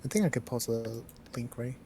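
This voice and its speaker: A laid-back co-streamer chatting casually, quick to laugh and swearing now and then. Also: mid-range voice, expressive, mellow, a little hiss or hum. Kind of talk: casual chat on a livestream.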